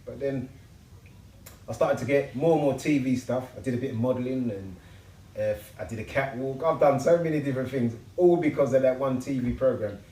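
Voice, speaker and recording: A man's voice: mid-range voice, brisk, far from the mic. Upbeat storytelling man, echoey room. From England. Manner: lively storyteller, slangy and upbeat. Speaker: interview guest, builder and TV personality. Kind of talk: casual interview chat.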